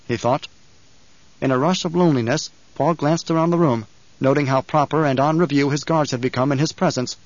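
A man narrating an audiobook in a steady, deliberate way. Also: a little high, no room sound, muffled recording. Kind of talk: scripted narration.

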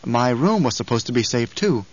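A man reads the part of a young duke's son who stays calm and watchful under threat. He talks in a level, matter-of-fact way, at an ordinary pitch. The audiobook recording is dull and a bit lo-fi. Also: moderate pace, husky.

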